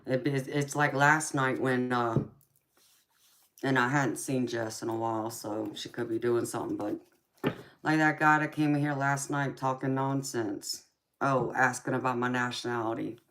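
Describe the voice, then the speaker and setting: A woman's voice: rumbling low, steady tone, moderate pace, a bit bright, slight background noise. A woman with a thick Southern accent, chatting casually with viewers on a live stream as a tarot reader and calling them pet names like baby and darling. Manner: laughs often between remarks.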